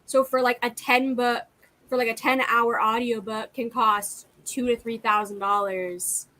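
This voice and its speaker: A woman with a fairly high voice chatting on a live stream. She rambles casually and fills her sentences with lots of fillers. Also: fairly even intonation, a little slow, sharp tone, rough recording. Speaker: livestream co-host, author. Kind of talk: casual chat.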